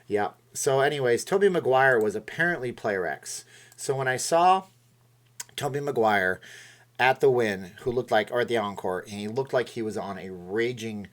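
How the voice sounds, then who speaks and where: A man's voice: mid-range voice, lively intonation, moderate pace. Chatty joking man hosting a live stream. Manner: rambling and jokey, laughs at his own jokes. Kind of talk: casual live-stream chat, reading viewer comments.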